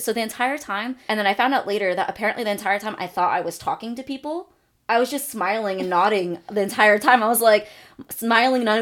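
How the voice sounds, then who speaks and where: A young adult woman co-hosting a podcast, telling a long story in casual chat, animated and full of fillers, acting out her own thoughts. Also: mid-range voice, fairly quick. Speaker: podcast co-host.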